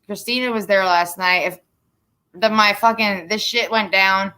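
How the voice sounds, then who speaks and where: A woman's voice: mid-range voice, steady tone, moderate pace, pushed and bright. A young woman hosting a casual chat, telling stories bluntly with plenty of swearing. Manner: profane, blunt storytelling. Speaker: podcast host.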